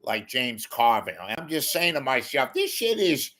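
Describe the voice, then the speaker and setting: A man impersonating a blunt, profane male political strategist who rants in shouting bursts. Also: medium pitch, big pitch swings, moderate pace, voice pushed up. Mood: blunt ranting.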